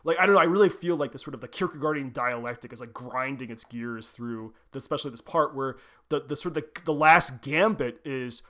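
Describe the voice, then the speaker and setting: A man co-hosting a podcast, talking casually and excitedly about a novel, acting out quoted lines and laughing often. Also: mid-range voice, brisk. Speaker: podcast co-host. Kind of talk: casual literary discussion.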